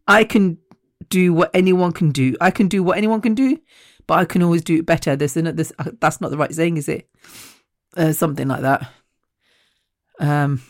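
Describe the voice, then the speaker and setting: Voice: medium pitch, dry recording, studio quality. A podcast host in their fifties, talking in a blunt, profane personal monologue and often groping for words. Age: 50s.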